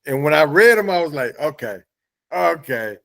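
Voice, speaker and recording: A man's voice: fairly high pitch, animated, sharp tone. A man hosting an interview show who talks with enthusiasm and stumbles over his words as he praises his guest's comic. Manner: enthusiastic, halting with restarts. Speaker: podcast host. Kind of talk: casual interview chat.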